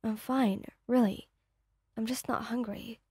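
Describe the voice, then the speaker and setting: Woman reading nervous hesitant young person, evasive, mellow dry voice. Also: a little high, steady tone, a little slow, breathy edge, no echo. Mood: anxious. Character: anxious, withdrawn young person.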